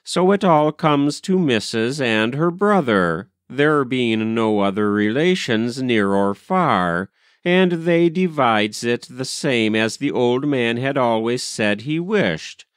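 A man reading a story aloud, voicing a quick-tempered, gossiping woman servant who talks in rustic, ungrammatical speech. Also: mid-range voice, animated, smooth, dry recording, studio quality. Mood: gossipy.

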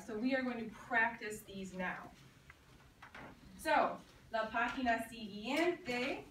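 A fairly high-voiced woman teaches a classroom, calling out short phrases for students to echo and then explaining them. She is heard from a distance in an echoey room, with a faint hiss underneath. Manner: says phrases in Spanish for the class to repeat, then translates. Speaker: Spanish teacher.

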